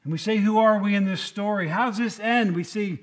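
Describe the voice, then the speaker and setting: High-voiced man preaching a chatty sermon. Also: fairly quick. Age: 50s. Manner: conversational storytelling, folksy asides to the congregation.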